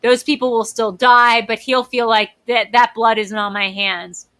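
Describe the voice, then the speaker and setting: A woman co-hosting a casual movie discussion, animated and swearing, acting out scenes in little voices. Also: a little high, a little slow, no room sound. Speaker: podcast co-host.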